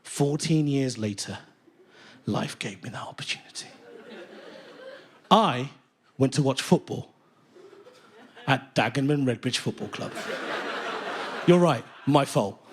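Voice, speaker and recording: A man from England in his thirties performing a stand-up comedy set in a theatre, telling stories with animated bursts of indignant ranting. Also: mid-range voice, slow, long pauses. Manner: animated storytelling, bursts into loud indignant rants. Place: large theatre stage. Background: audience laughter.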